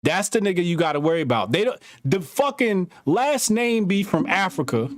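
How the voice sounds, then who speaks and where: Animated high-voiced man, profane banter. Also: moderate pace, no echo, clean studio sound. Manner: profane, animated storytelling with bursts of laughter. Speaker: podcast co-host. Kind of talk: casual podcast banter.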